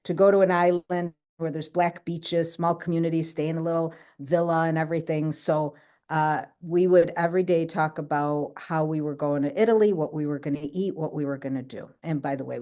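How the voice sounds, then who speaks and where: Chatty woman with a low voice. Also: steady tone, a little fast, dark tone. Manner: chatty, keeps checking in with "right?". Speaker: speaker sharing her healing story. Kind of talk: casual talk on a video call.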